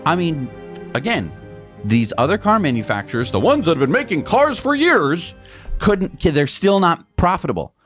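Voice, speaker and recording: A man's voice: on the high side, big pitch swings, normal speed, fairly bright tone, faint music behind. A man co-hosting a news show in casual chat, explaining things with everyday comparisons. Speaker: co-host.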